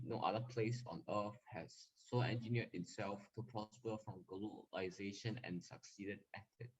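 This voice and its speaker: A man's voice: fairly low pitch, a little mellow, husky, dull audio. A male student, carefully reading a passage aloud.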